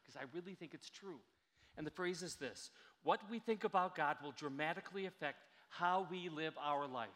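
A fairly high-voiced man preaches with earnest emphasis. He leans hard on key words and draws them out slowly. His voice rings with the long reverb of a large hall. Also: a bit bright. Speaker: pastor. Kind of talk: sermon.

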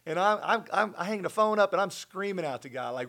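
A middle-aged man telling a personal faith story as a guest in conversation, earnest and animated. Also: high-pitched, a little fast. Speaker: guest sharing his testimony.

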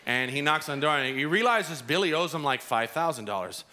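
A man preaching a sermon as pastor, telling a parable in an animated, storytelling way in a church. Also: fairly high pitch, fairly quick. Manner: animated storytelling, acts out characters.

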